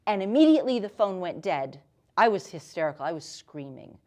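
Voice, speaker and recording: A woman's voice: on the low side, very animated, a little fast, warm tone. A woman with an American accent, answering interview questions in an insistent, emphatic way. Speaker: guest, former intelligence asset.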